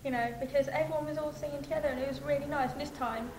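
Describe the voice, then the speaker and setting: High-voiced woman telling a story. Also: racing. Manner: excited storytelling with giggles. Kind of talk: casual chat. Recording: roomy with faint noise.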